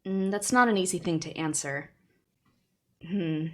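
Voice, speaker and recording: A woman's voice: on the low side, a little slow, lightly acted. A woman voicing a carefree, teasing teenage schoolgirl in a light, playful way while reading a novel aloud.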